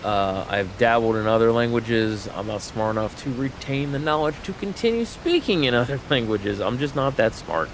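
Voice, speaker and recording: A man's voice: mid-range voice, animated, normal speed, few pauses, slight background noise. A man streaming a game, chatting casually and rambling with lots of fillers and restarts. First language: English. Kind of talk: casual livestream chat while gaming.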